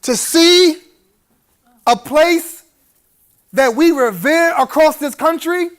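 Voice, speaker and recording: A man's voice: extremely high pitch, takes it slowly. A man giving a live keynote speech at a gala, preacherly and humorous, chuckling through his asides and rising to emphatic appeals to the audience. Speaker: keynote speaker.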